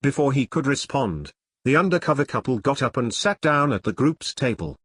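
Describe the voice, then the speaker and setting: A man narrating a story in a plain, even storytelling read. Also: mid-range voice, normal speed, slightly rough, no room sound, studio quality. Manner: plain storytelling read, few voice changes for characters. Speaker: audiobook narrator. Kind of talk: scripted narration.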